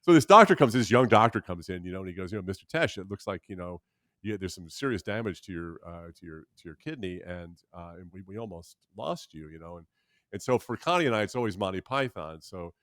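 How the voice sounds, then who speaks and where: A man in his sixties with a low-sitting, fairly bright voice is a guest in a candid storytelling conversation, recorded at studio quality with no room sound. He tells stories animatedly, restarting often and haltingly, and puts on voices for those he quotes.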